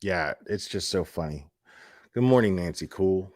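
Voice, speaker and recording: A man's voice: sits low, lively intonation, moderate pace, darkish tone, no echo, studio quality. A young adult man ranting on a casual live stream, blunt and profane, often restarting his words. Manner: blunt, profane, heated and mocking. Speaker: YouTube commentary streamer.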